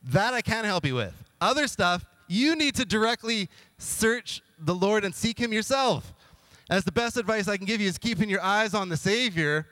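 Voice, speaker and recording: A man as a pastor, giving a casual, humorous sermon with playful storytelling and quick asides. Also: high-pitched, animated, bright, forceful tone, rough recording.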